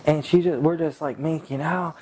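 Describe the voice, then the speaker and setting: A man from California telling a casual anecdote in a boastful, profane, animated way. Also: fairly high pitch, normal speed, slight background noise. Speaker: storyteller.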